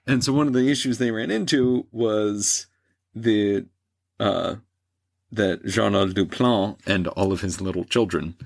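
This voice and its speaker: Low-voiced man rambling through history. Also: a little slow, gravelly, no room sound. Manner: rambling, many fillers and restarts. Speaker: podcast host explaining history. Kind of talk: casual history podcast chat.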